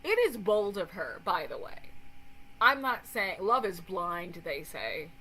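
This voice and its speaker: A young woman chatting casually with a friend while they watch a recap, animated, laughing often and swearing freely. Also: lowish voice, slow, a little hiss or hum, low-quality recording. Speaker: host.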